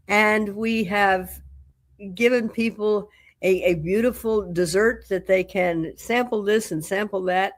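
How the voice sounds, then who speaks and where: A woman co-hosting a spiritual livestream, giving affirming replies as her voice starts to roughen. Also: medium pitch, dry recording. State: voice getting rough. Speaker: co-host.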